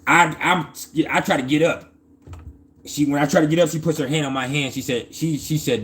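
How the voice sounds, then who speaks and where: A man's voice: on the high side, normal speed. A man casually telling a personal story in loose, profane slang, often stammering and restarting his sentences.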